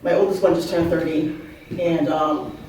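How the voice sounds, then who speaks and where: With a low, mellow voice and fairly even intonation, a woman speaks at a moderate pace over slight background noise. She's an author in her fifties, and at an art venue's open mic she tells comic stories about herself, chatting with asides and questions for the audience. Strong echo puts her at a distance.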